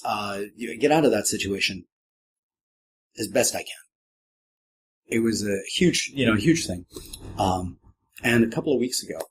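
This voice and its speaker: Wry middle-aged man telling a lively story. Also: slight background noise. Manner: lively, acts out quoted voices with big pitch jumps; self-deprecating, wry humor. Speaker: podcast guest, professional clown. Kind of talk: animated anecdotal storytelling.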